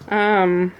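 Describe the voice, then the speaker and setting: A woman showing off a craft piece she made, talking out of breath, with many pauses and ums, recorded on a camera on a tripod at home. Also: mid-range voice, slight background noise. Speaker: crafter showing her work. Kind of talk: casual show-and-tell.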